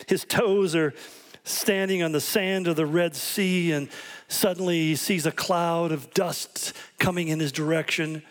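A man preaching a sermon, telling stories and acting out quoted voices with animation. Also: a little high. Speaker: pastor.

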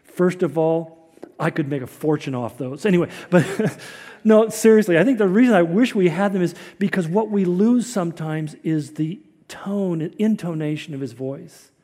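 A man's voice: on the high side, moderate pace, mellow, in a large hall. A man giving a conversational sermon in a folksy, wry way, chuckling at his own asides. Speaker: preacher.

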